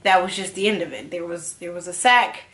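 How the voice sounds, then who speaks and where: A woman's voice: on the low side, a little fast, fairly bright tone. A woman in her thirties, a vlogger, talking candidly and rambling a little as she gives a casual personal update. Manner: candid, rambling, with frequent fillers.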